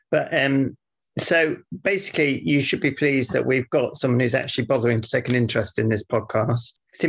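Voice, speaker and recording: Deadpan gravelly man, lo-fi. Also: medium pitch. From northern England. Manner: deadpan, needling. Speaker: podcast co-host. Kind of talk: comedy podcast banter. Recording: dull lo-fi sound.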